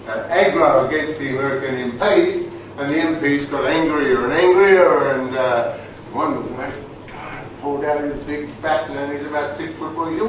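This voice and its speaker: A man's voice: on the high side, muffled recording. An older man with an Australian accent, telling stories to a training group in a casual, chatty way, often checking in with the room. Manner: casual, chatty, restarts phrases, checks in with "right?". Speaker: resilience trainer, speaker. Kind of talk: storytelling lecture to a group. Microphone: far room mic. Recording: echoey room from far off, background noise.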